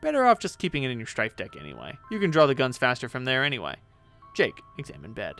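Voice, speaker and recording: A man reading a webcomic aloud with playful, animated delivery. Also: mid-range voice, fast talker, faint music behind. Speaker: webcomic reader.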